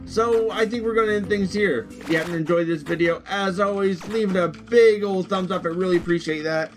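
A man giving casual gameplay commentary as a YouTuber, excitable, jokey and easily frustrated. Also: high voice, fairly quick, hardly any pauses, soft background music. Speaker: gaming YouTuber.

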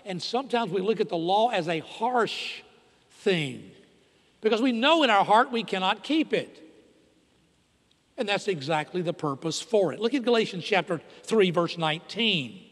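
A middle-aged man preaches from the pulpit, dropping into hushed, intimate asides and then rising into loud, emphatic declarations. His voice sits high for a man. The sound carries the long reverb of a church sanctuary. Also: animated, normal speed. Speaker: pastor. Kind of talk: sermon.

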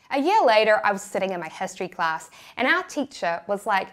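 A woman's voice: medium pitch, very animated, a little fast, hardly any pauses, fairly bright tone. A young woman with a New Zealand accent narrating a personal story with candid, self-deprecating humor.

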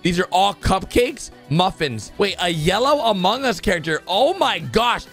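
A man gives hyped-up commentary over faint background music. His voice sits very high and leaps around, with a gravelly edge. He keeps exclaiming as he goes. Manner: excitable, exclaiming, quick gasps and laughs. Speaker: YouTube host. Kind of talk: excited reaction commentary.

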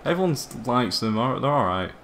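Chatty teen gamer. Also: male voice, medium pitch, sing-song, fairly quick, a bit bright. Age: teens. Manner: chatty, jokey, rambling banter. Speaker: gaming streamer. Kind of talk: casual live-stream chat.

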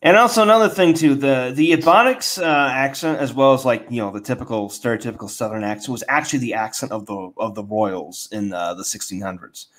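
A man's voice: mid-range voice, brisk, hardly any pauses, a bit bright. An American man co-hosting a podcast who explains things bluntly and casually, with some profanity. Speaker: podcast co-host. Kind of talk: casual chat.

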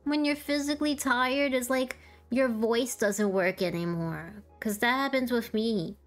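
Woman, streamer, tired, sore throat, slow unhurried speech, faint music behind. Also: on the high side. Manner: tired, soft-spoken, laughs often. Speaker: VTuber streamer. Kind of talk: casual chat to a live chat.

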